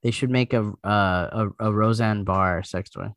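A man's voice: on the low side, steady tone, unhurried, fairly bright tone, no room sound, studio quality. A man co-hosting a podcast, chatting casually and rambling with many fillers. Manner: rambling, lots of "like". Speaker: podcast co-host. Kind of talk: casual chat.

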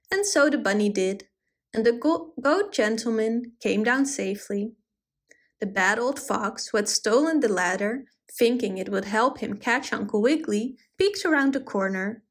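A woman reads a children's story aloud with an expressive, storytelling lilt. Her voice sits somewhat high for a woman. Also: normal speed.

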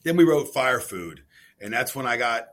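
A man being interviewed about his cookbook, telling stories in a rambling, excitable way with many restarts, and he sounds jet-lagged. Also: medium pitch, normal speed. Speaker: cookbook author guest. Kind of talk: casual podcast interview.

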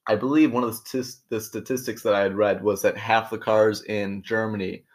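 A man's voice: fairly low pitch, steady tone, a little fast. A man co-hosting a casual podcast, laid-back, asking questions and tossing in slang. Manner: laid-back, asks questions, uses slang like bro and dude. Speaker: podcast co-host. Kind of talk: casual chat.

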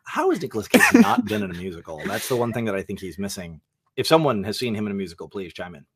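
A man's voice: lowish voice, sing-song, fast, vocal fry, a bit bright. A young man hosting a casual movie chat, enthusiastic and joking, rambling with fillers. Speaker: podcast host.

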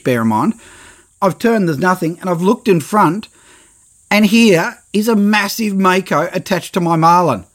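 A man telling a fishing story in a lively way, acting out his own quotes with big jumps in voice. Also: high voice. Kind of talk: animated anecdote.

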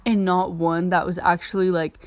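A woman's voice: lowish voice, little pitch movement, normal speed, no room sound. A teenage girl hosting a casual solo podcast, rambling with constant "like" fillers. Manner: rambling, heavy use of "like" fillers. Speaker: podcast host.

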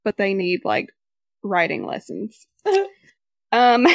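A woman's voice: medium pitch, slow pace, gravelly, pauses often, dry recording, clean studio sound. A woman co-hosting a casual podcast, chatty and picky about details, reading summaries aloud. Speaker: podcast co-host. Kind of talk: casual chat.

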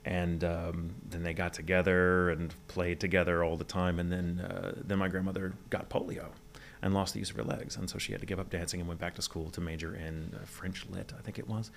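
Man, mid-Atlantic accent, forties, very low pitch, measured storyteller. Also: flat delivery, gravelly. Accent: neutral mid-Atlantic. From Texas, USA. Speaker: guest, voice actor. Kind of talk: casual interview.

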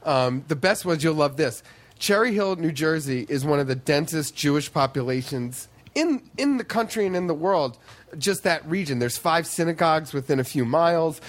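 A male comedian as a podcast guest, telling stories in an excitable, rapid way with laughs. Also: a little high. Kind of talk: casual podcast chat.

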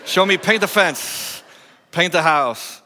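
A pastor acting out a calm, patient elderly karate master who gives slow, deliberate instructions. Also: male voice, high voice, heavily acted. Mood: instructing. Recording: long echoing church hall.

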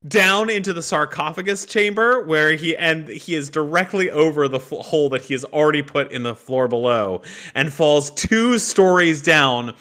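A man's voice: a little high, normal speed, pushed and bright. A man narrating as game master of a tabletop game, laughing often and stopping for fillers and restarts as he describes the scene.

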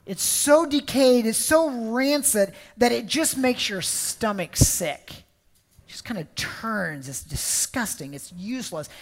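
A woman's voice: medium pitch, fairly bright tone. A woman preaching a sermon, emphatic and storytelling, often repeating words.

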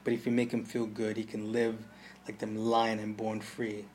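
Jamaican guy narrating a story, intense, kinda flat voice, faint hum behind. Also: fairly low pitch, normal speed. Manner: intense, mimics gunshot sounds. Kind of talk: audiobook narration.

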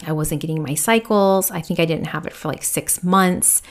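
A woman in her thirties, who hosts a podcast and works as a spiritual medium, shares a personal story candidly and reflectively. Her voice sits low, she keeps a moderate pace, and she uses many fillers.

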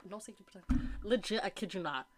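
A woman's voice: medium pitch, quick pace. A young woman telling a wild story in casual chat, acting out what everyone said and laughing often. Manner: animated storytelling, acts out quotes, frequent laughter.

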